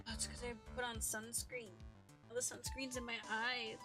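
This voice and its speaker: A woman's voice: a little high, fairly even intonation, normal speed, long pauses. Girl streaming a game, jokey asides to chat, music in the back. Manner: exclamatory, joking asides to chat. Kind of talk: casual gaming commentary.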